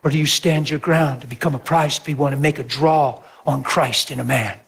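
A man preaching as a pastor, telling stories with lively acted-out voices and sudden drops to a near whisper. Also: brisk, gravelly. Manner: animated storytelling, acts out voices with big pitch jumps. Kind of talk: sermon.

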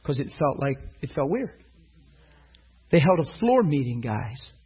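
A man's voice: a little high, big pitch swings, measured pace, a little mellow, husky, rough recording. A middle-aged man preaching, telling a personal story and acting out the dialogue with animation. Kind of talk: sermon storytelling.

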